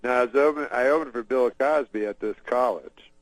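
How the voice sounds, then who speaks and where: Deadpan male guest, rambling storyteller, chuckles at his own tale, mid pitch, dry close sound. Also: fairly quick, no echo, poor audio. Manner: deadpan storyteller, many fillers and restarts, laughs to himself. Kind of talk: rambling anecdote.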